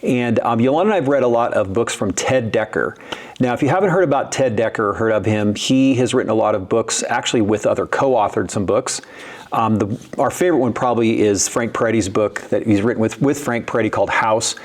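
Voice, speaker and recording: A man's voice: mid-range voice, fairly quick. A man hosting a show with his wife, joking playfully while they make a recipe and talk about books. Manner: joking, playful, talks with his mouth full. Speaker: host. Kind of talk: casual cooking and book chat.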